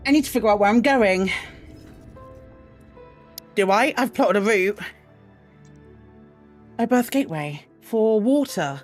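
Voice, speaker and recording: A woman's voice: medium pitch, animated, a little slow, pauses often, faint music behind. A woman game streamer chatting casually and playfully while she plays, often breaking into giggles. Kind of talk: casual live-stream chat.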